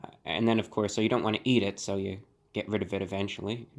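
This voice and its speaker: A young man hosting a food review vlog, talking in an earnest deadpan way and hamming up catchphrases in different voices. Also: on the low side, fast. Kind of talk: deadpan comic vlog monologue.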